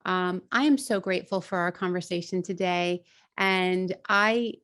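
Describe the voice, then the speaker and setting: A woman's voice: on the low side, measured pace, fairly bright tone. Effusive, grateful woman podcast host. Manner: effusive and grateful, gushing praise. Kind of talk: podcast interview conversation.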